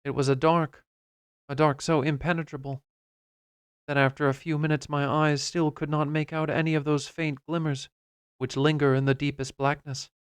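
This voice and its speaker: A man reading a classic novel aloud as an audiobook, narrating in the first person in a measured, expressive way. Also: a little high, clear, resonant tone, dry recording, clean studio sound.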